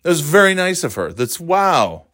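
This storyteller's voice is on the high side, moving at a moderate pace on a dry, studio-quality recording. He tells an offhand, profanity-heavy story with weary exasperation, animatedly putting on mocking voices for the quotes.

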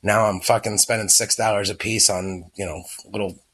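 A man in his thirties telling animated parenting stories in casual chat, swearing freely. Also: fairly low pitch, normal speed, breathy edge.

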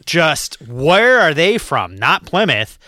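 A man from Massachusetts co-hosting a podcast, chatting casually in quick, animated rants with some swearing. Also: fairly high pitch, no room sound, studio quality. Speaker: podcast co-host.

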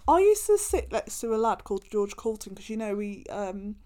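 A woman's voice: medium pitch, sing-song, moderate pace, dark tone. A young woman, chatting casually on a podcast and giggling while she reads old school reports aloud with a friend. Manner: giggly, jokey, reminiscing with a friend. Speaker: podcast co-host.

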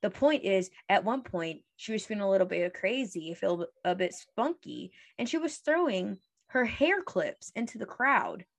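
A woman's voice: medium pitch, sing-song, moderate pace, vocal fry, hardly any pauses. A young woman co-hosting a podcast, rambling and ranting in casual chat, often acting out quoted voices. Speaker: podcast co-host.

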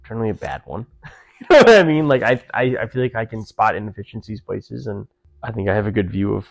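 A man's voice: on the low side, quick pace, vocal fry. A man in his twenties, a podcast guest, chatting casually and loosely, swearing freely and saying "like" and "dude" a lot. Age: 20s. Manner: laid-back, swears freely, lots of "like" and "dude". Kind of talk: casual chat.

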